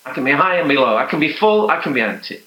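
A man preaching a sermon, earnest and emphatic, sometimes dropping to soft, hushed prayer. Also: fairly high pitch, very animated, quick pace, echoey room, rough recording.

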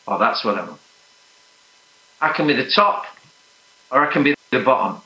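A man preaching a sermon, earnest and emphatic, sometimes dropping to soft, hushed prayer. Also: medium pitch, big pitch swings, normal speed, pauses often, echoey room, rough recording.

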